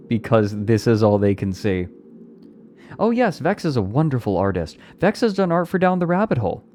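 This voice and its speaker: A man's voice: medium pitch, darkish tone, a little hiss or hum. A man streaming live, chatting casually and playfully with his viewers and answering their comments as he rambles along. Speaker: livestreamer.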